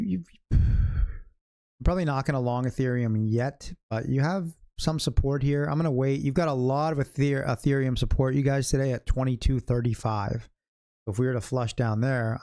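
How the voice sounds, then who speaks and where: Medium-pitched and mellow, his voice holds fairly even intonation at a moderate pace. The middle-aged American from California hosts a day-trading stream casually, joking, wandering off into stories, and chuckling at his asides.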